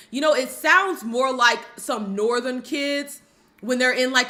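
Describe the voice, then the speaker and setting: Woman ranting on her stream, high voice, blunt and heated, black speech. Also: sharp tone. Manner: blunt and heated, with profanity and rhetorical questions. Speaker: commentary streamer. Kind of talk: opinionated casual commentary.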